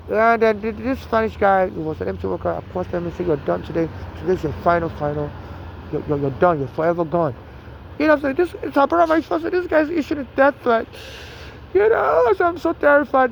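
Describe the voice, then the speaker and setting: A man's voice: sits high, vocal fry. A man with a Nigerian accent telling a long story in an agitated, rambling way, full of restarts and "you know". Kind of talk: casual storytelling monologue. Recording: dull lo-fi outdoor recording with traffic.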